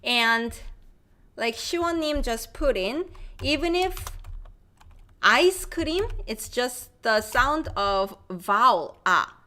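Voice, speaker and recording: A woman's voice: on the high side, animated, slow pace, bright, forceful tone. A woman with a Korean accent teaching Korean vowels in a live online class, reading viewer comments aloud and drilling each sound by repeating it. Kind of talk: live-streamed language lesson.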